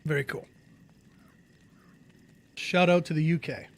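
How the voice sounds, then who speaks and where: A man's voice: fairly high pitch, fairly even intonation, slow. A man streaming a game, chatting casually with viewers in a jokey, laid-back way. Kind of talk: casual chat.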